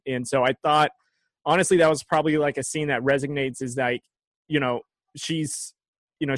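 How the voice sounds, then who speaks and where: A man's voice: medium pitch, no room sound. A man casually discussing a TV episode, reflective and full of fillers like "you know". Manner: reflective, filler-heavy with many likes and you knows. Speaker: podcast co-host.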